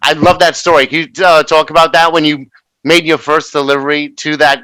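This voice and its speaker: A man's voice: fairly high pitch, level tone, brisk, bright, forceful tone, dry recording, low-quality recording. A man hosting an interview, asking questions and affirming the guest as she talks. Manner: affirming, backchannels with mm-hmm. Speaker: interviewer host. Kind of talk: conversational interview.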